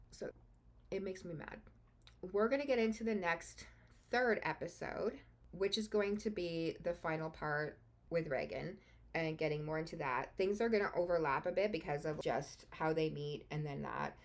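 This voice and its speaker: A woman's voice: lowish voice, normal speed. Profane, fired-up true-crime podcast woman. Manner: blunt, swears freely, gets openly indignant. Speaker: podcast host. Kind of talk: casual true-crime storytelling.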